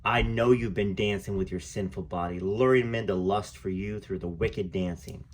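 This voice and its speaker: A man's voice: fairly low pitch, fairly even intonation, normal speed, natural voice. A man reading the lines of a brutal, angry husband who talks like a fire-and-brimstone preacher. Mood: accusing. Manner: accusing, preachy read-aloud dialogue.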